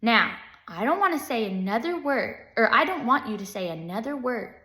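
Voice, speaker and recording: A woman voicing a cranky, bullying schoolteacher who snaps and shouts at her class in a storybook reading. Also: a little high, animated, moderate pace, reverberant. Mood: snapping, stern. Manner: snapping and shouting, then mocking.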